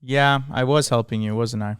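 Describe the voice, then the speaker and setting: A man co-hosting a casual podcast, teasing his friend and acting out what he said. His mid-pitched voice is smooth and clear, with dry close miking. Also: normal speed, no echo. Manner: teasing, animated, acts out quotes. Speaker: podcast co-host. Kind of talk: casual chat.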